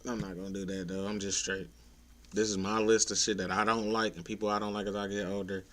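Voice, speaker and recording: Blunt laid-back man with a low voice. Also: flat delivery, quick pace, fairly bright tone, slight background noise. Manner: laid-back, blunt, profane, rises to exasperation. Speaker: content creator ranting to viewers. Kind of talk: casual opinion rant.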